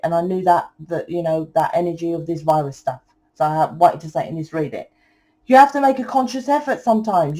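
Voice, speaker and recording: A woman's voice: medium pitch, dark tone. A woman giving a tarot reading, talking in a blunt, preachy, casual way and swearing freely. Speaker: tarot reader.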